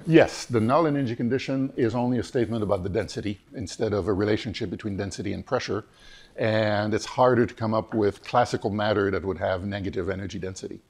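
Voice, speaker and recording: A hoarse man leads a technical physics seminar, his voice gravelly and husky and pitched a little low. He talks haltingly, restarting phrases and leaning on fillers as he explains. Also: a little mellow. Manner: hesitant, many fillers and restarts. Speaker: physics lecturer.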